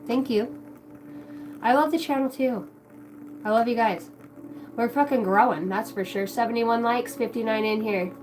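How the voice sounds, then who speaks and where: A woman's voice: a little high, normal speed, long pauses, over music, rough recording. A middle-aged woman hosting a tarot livestream, chatting casually, swearing often and jumping between chat comments. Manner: profane, scattered, reads chat aloud.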